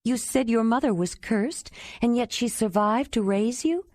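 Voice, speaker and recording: A woman reading the part of a gentle young woman raised by a clan, speaking softly and directly. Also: fairly high pitch, a little slow, dry recording, pitched above the performer's own voice, close to an everyday voice.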